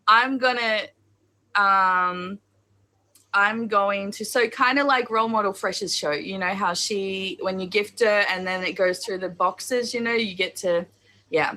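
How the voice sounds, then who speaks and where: Slow-talking bright-voiced woman co-host. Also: medium pitch, poor audio. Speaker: co-host and moderator. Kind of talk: live-stream chat show.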